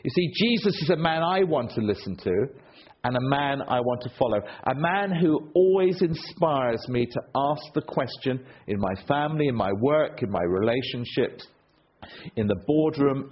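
A man preaching a sermon, telling stories with a rhetorical delivery that swings between loud and hushed. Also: mid-range voice, expressive, normal speed, breathy edge. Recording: dull lo-fi recording.

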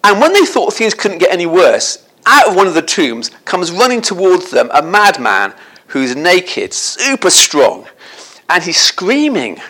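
Male preacher, storytelling sermon, lively and a little high, checks in with listeners. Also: unhurried. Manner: animated, asks the listeners tag questions.

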